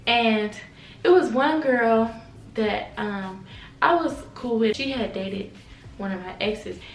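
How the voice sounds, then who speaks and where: A woman casually telling a party story to camera, animated, slangy and profane, acting out the quotes. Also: a little high, takes it slowly. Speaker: storytime vlogger. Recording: echoey room, mic at a distance.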